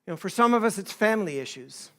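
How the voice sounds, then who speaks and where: A middle-aged male pastor giving a conversational sermon, acting out quoted voices and swinging between soft and emphatic delivery. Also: sits high, animated, quick pace.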